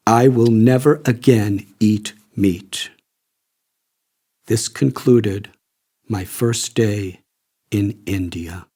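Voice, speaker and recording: Older American male author-narrator, unhurried, dark and calm, faint music bed. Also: lowish voice, slightly rough. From United States. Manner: calm, measured, reflective. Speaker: author narrating his memoir. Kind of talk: audiobook narration.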